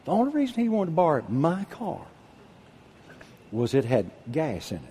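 An older man preaching a sermon, husky-voiced, dropping to a hush and then calling out loud. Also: on the high side, normal speed, a little hiss or hum. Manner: animated preaching, drops to a hush then shouts out. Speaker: pastor.

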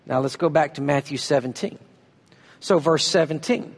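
Preacher guy w a high voice, emphatic, reverb trailing off the walls. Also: expressive, breathy edge. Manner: emphatic preaching, reads scripture slowly, uses a volunteer for a demonstration. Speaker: pastor. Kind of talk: sermon.

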